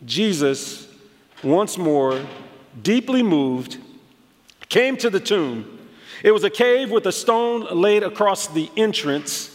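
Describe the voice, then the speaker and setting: Guy preaching in a big echoey hall, kinda high voice, gets really animated. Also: takes it slowly. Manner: animated storytelling, acts out quotes, rising emphasis. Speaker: pastor. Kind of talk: sermon. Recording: long hall reverb.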